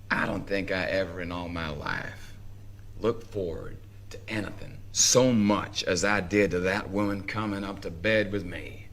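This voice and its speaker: A man with a Southern US accent giving a live dramatic reading of a first-person story in a slow, wry drawl. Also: low-pitched, fairly bright tone. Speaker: reader.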